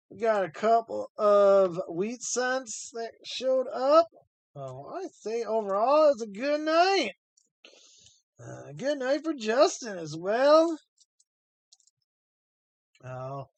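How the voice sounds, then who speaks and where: A man chats through a live stream in an unhurried drawl, his pitch swinging up and down as he rambles and thinks aloud. The sound is dry, with no room around it. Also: no echo. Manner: rambling, chatty, thinks aloud while sorting coins. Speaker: live-stream host hunting coins. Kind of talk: casual live-stream chat.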